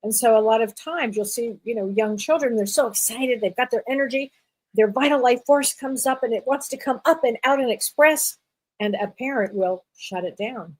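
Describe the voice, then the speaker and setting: A woman's voice: on the high side, normal speed, a little mellow, low-quality recording. A woman co-hosting a spiritual talk show, speaking earnestly and with emphasis. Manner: earnest, emphatic, with short affirmations. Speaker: co-host, medium. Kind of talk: casual chat.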